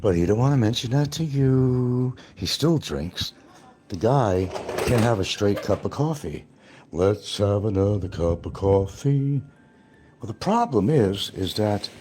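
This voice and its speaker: A man's voice: lowish voice, big pitch swings, measured pace, a little mellow, a little hiss or hum. A man hosting a livestream, rambling in a brash, taunting, trash-talking way. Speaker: livestream host.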